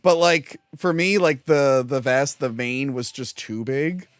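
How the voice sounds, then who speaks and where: A podcast co-host in a casual movie review chat who rants with animated energy and laughs often. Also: mid-range voice, clear, resonant tone, no echo, clean studio sound. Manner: animated, ranting, quick to laugh.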